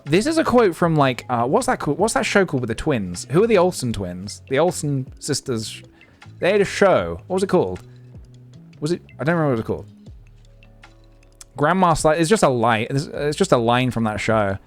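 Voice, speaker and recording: Rambling young man streaming. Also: medium pitch. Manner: rambling, thinking aloud, many fillers. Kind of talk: casual live-stream chat.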